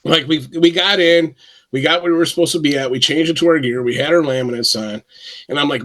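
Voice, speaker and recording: A man with a slightly raised speaking pitch tells long, rambling anecdotes in a casual podcast chat. He slips into the other people's lines as he goes. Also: fast talker, a bit bright. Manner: rambling anecdotal, acts out quotes. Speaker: wrestler guest. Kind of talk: casual storytelling.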